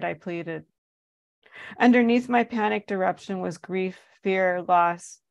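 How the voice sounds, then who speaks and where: A woman's voice: mid-range voice, takes it slowly, vocal fry, no echo. A woman, an author, reading aloud from her own memoir in an earnest, emotionally charged way.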